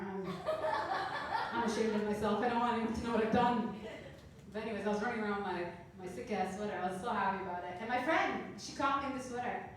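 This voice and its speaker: A thirty-year-old Canadian woman with a medium-pitched voice performs a playful stand-up set on a club stage, laughing at her own jokes. The roomy club sound is captured from a distance with a noisy background.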